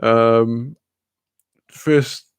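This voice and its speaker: A man's voice: mid-range voice, fairly even intonation, very slow, clear, resonant tone, dry recording, clean studio sound. A young man in his twenties, telling a rambling story on a casual stream, laughing and swearing as he acts out quotes.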